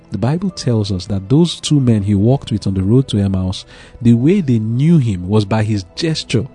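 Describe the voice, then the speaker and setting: A man's voice: medium pitch, warm tone, slightly rough. A man teaching a devotional Bible lesson, explaining scripture in plain words and asking rhetorical questions. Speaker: preacher.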